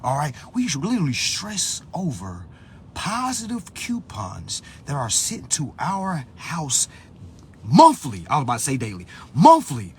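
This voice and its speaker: A man's voice: a little high, huge pitch swings, a little slow, slight background noise. A man ranting bluntly to his live-stream viewers, swearing often and lecturing like a preacher. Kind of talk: profane motivational rant. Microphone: phone.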